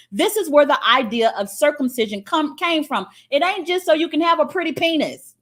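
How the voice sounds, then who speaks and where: Woman preaching relationship advice, fairly high voice, swears a lot, keeps saying okay. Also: animated, moderate pace, few pauses, a bit bright. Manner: blunt, profane and emphatic; frequent checking "okay?". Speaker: spiritual teacher. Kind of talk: spiritual teaching monologue.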